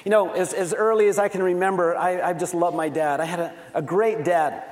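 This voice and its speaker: A man's voice: high voice, fairly even intonation, brisk, big-room sound. A middle-aged man preaching a sermon, telling family stories with a laughing, self-deprecating manner. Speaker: pastor.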